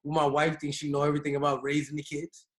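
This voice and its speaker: A man co-hosting a podcast, bantering in animated, slangy casual chat. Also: fairly high pitch, fast. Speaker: podcast co-host.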